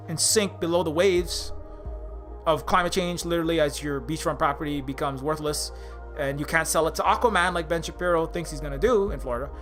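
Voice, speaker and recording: A man's voice: high-pitched, sharp tone. Heated, profane man ranting. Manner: heated, profane, repetitive restarts. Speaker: indie game developer. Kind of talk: ranting monologue.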